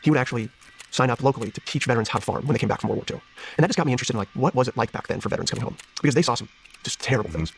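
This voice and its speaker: A man's voice: mid-range voice, expressive, racing, gravelly. A man in his thirties, a political candidate on an interview show, speaking earnestly and restarting his thoughts often. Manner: earnest, searching, many restarts. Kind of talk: interview conversation.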